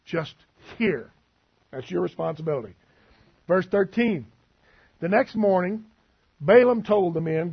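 A man's voice: sits high, lively intonation, normal speed, pauses often, breathy edge, dull audio. A male preacher giving a sermon in a conversational, teasing way, asking the room questions.

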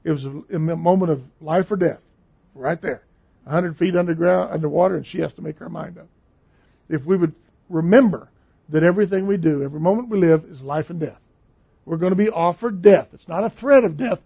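A man's voice: fairly high pitch, brisk, creaky, breathy edge. A man preaching a sermon in a conversational, emphatic way, repeating phrases for stress. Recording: dull lo-fi recording.

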